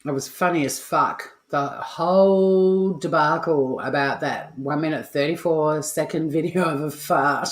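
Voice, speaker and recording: Low-voiced Australian woman chatting on a home livestream. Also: unhurried, few pauses, roomy sound. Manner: chatty, swears freely, playful asides to viewers. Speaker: cooking livestream host. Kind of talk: casual livestream chat. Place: home kitchen. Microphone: home mic.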